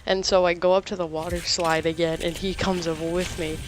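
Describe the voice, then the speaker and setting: A teenage boy casually telling a story about his day, rambling with halting restarts and lots of "like". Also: a little high, level tone, a little hiss or hum. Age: teens.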